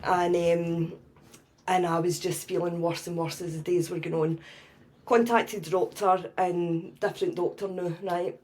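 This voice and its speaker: A middle-aged Scottish woman, a podcast guest, telling a personal story in a lively way and often adding "right?". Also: lowish voice, measured pace.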